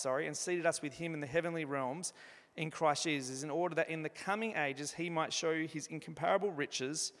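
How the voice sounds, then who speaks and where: Earnest pastor in a reverberant hall. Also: male voice, on the high side. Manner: earnest, swings from emphatic to hushed and soft. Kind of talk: evening church sermon. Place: church hall.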